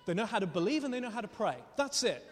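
A man preaching a sermon, telling stories in an animated way and laughing often as he speaks. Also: sits high, racing. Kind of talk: sermon with storytelling. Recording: long reverb of a hall.

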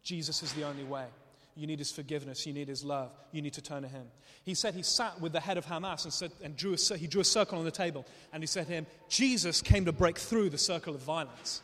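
A man's voice: fairly high pitch, steady tone, fast talker, hardly any pauses, fairly bright tone. A man preaching a sermon, telling stories in a conversational but impassioned way. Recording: long hall reverb.

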